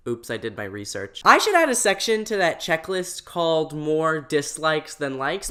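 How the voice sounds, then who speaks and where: A young adult YouTuber giving sarcastic, mocking commentary with quick asides. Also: medium pitch, pushed and bright.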